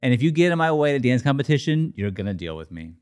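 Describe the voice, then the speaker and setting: Dry podcast host with lively pitch. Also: male voice, fast talker. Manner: dry, tries to wrap up the show. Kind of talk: casual chat.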